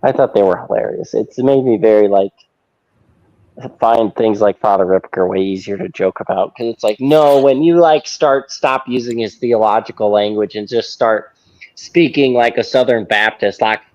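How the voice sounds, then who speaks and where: A man's voice: moderate pace, darkish tone. A young man hosting a podcast, reacting to a video in casual commentary and mocking preachers with exaggerated voices. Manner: mocking, jumps into high mock-preacher voices. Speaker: podcast host. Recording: dull lo-fi audio.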